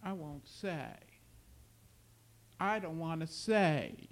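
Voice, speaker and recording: A man's voice: on the high side, animated, extremely slow, vocal fry, exaggerated voice. A man voicing a distressed woman pleading on the phone, his lines urgent and insistent. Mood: evasive.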